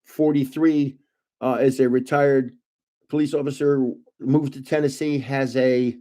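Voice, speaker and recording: A man's voice: medium pitch, flat delivery, measured pace, mellow. An older man, host of a card-collecting stream, telling meandering family stories in a casual way and chuckling at himself. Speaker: host of a trading card livestream. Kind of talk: rambling casual storytelling.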